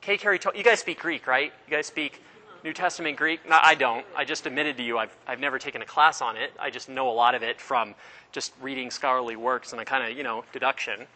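A man's voice: medium pitch, brisk, pushed and bright. A man teaching a religion class, quizzing his students, telling stories and often restarting his sentences. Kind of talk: classroom lecture. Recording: long reverb of a hall.

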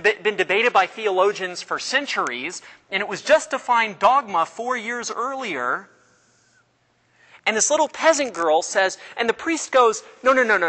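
Bright-voiced man lecturing a class. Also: high voice. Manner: quizzes the class, restarts sentences, storytelling. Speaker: religion teacher. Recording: long reverb of a hall.

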